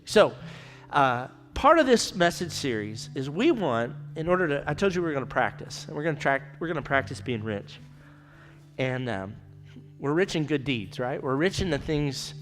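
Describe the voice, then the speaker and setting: A man's voice: on the high side, fairly bright tone, long reverb tail. A man preaching a conversational sermon as pastor, often dropping to a near whisper for emphasis. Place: church sanctuary.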